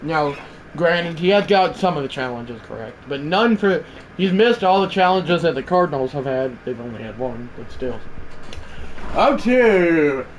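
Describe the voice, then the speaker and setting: A man's voice: fairly high pitch, moderate pace. A man giving casual play-by-play commentary on a baseball video game livestream, chatty and prone to correcting himself mid-sentence. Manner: chatty, self-correcting, with side remarks.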